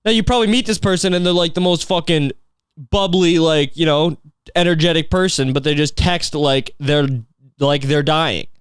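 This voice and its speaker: A man's voice: on the high side, normal speed, smooth, no room sound, studio quality. A young man hosting a podcast, rambling in a casual, profane comedic rant full of fillers and restarts. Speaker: podcast host.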